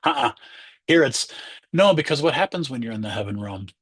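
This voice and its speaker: A man's voice: mid-range voice, animated, fairly quick, fairly bright tone, husky, no room sound. A man, a Zen teacher, giving a conversational dharma talk and acting out inner voices.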